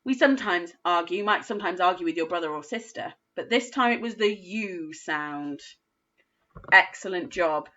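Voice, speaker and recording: A woman teaching a phonics lesson to young children, sounding out words slowly and praising often. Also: lowish voice, lively intonation, pushed and bright, lo-fi sound. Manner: slow, sing-song sounding out of words, encouraging. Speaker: primary school phonics teacher.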